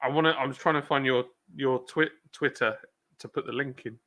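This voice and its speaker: A man's voice: mid-range voice, steady tone, a little fast, a bit bright. A middle-aged man hosting a casual live chat, joking and rambling in a self-mocking way. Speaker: live stream host.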